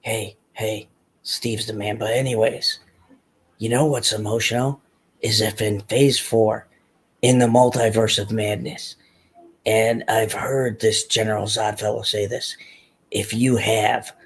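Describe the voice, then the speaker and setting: A man doing a put-on gruff, deadpan persona voice as a comedic bit on a live podcast. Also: lowish voice, unhurried.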